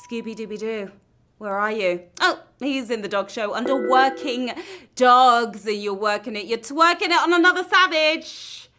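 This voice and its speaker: A woman's voice: a little high, unhurried, background noise. A woman hosting a live trivia game show, playful and full of puns, with show music behind her. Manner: playful, punny and upbeat. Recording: phone recording of a stream with music behind.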